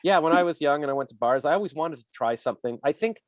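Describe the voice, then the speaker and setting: A man's voice: fairly high pitch, expressive, fast, no echo. Guy hosting a podcast, rambly storytelling, lots of likes and ums, dry close sound. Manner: rambling storyteller, many fillers. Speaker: podcast host. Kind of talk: casual interview chat.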